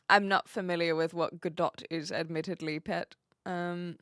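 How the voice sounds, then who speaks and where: Chatty streamer woman with a lively voice. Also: lowish voice, no room sound, clean studio sound. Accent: light New Zealand. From New Zealand. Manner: chatty, laughs often, answers viewers' chat messages. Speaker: live streamer. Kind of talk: casual live-stream chat.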